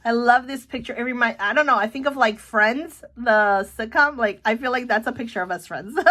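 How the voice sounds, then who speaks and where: Middle-aged woman vlogger with a slightly high voice, excitable and chatty. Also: brisk, hardly any pauses. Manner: chatty and excitable, keeps saying "look". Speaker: planner vlogger. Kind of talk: casual show-and-tell chat.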